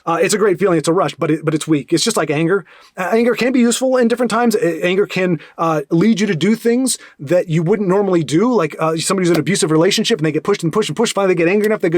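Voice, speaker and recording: A man talking in a casual, rambling monologue, animated and full of restarts and asides. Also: sits high, rapid-fire, no room sound, studio quality. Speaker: podcast host.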